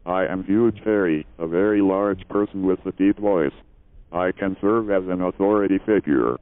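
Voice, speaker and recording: Huge Harry, a synthesizer doing a deep robotic man. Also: clear, resonant tone, close to an everyday voice. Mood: plain. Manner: robotic, measured. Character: very large deep-voiced synthesized man, authority figure. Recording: lo-fi phone-like 1980s tape.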